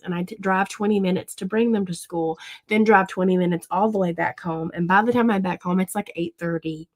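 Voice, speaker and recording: A woman in her thirties, a podcast co-host, chatting casually and telling long rambling stories about her kids, with plenty of swearing. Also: fairly low pitch. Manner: rambling, profane storytelling. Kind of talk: casual chat.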